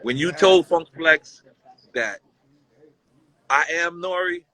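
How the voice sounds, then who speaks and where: A man talks as a guest on a conversation show and tells a personal story with plain emotion, circling back over the same phrases. His voice sits a little high and sounds bright and forward. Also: slow pace, rough recording. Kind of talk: casual heartfelt conversation.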